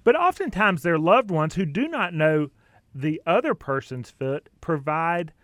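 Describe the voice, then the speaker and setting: A man hosts an outdoors radio talk show in a chatty, easygoing way, laughing often between points. His voice sits a little high. The studio sound is close and dry. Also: animated, a little slow, a bit bright, no echo. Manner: chatty, laughs easily, some fillers.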